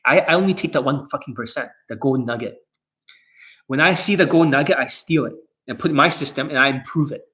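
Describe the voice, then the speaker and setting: A man's voice: mid-range voice, fast, a bit bright. A man who coaches dating, talking to camera in a blunt, boastful monologue full of swearing.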